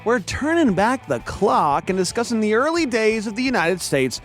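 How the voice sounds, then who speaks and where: A man's voice: sits high, normal speed, faint music behind. A man co-hosting a radio quiz show, joking goofily in playful banter. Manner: joking, goofy, deadpan asides.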